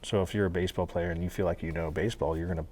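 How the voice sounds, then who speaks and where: A man being interviewed, telling animated stories with casual swearing and laughter. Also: deep voice, very fast, a little hiss or hum. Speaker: interview guest. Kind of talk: storytelling interview. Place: federal halfway house.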